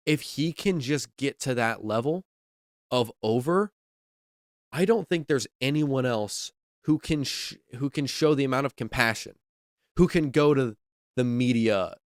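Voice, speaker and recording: A man's voice: medium pitch, no room sound, clean studio sound. A man hosting a wrestling podcast, giving casual, enthusiastic opinion commentary, repeating himself and saying "like" a lot.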